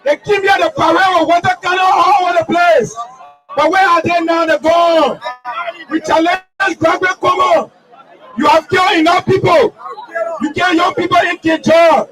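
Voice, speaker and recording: A man with a Liberian English accent giving a shouted protest speech to a crowd at an outdoor street rally. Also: extremely high pitch, flat delivery, normal speed, over loud music. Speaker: rally speaker. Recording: distant mic, loud crowd and noise.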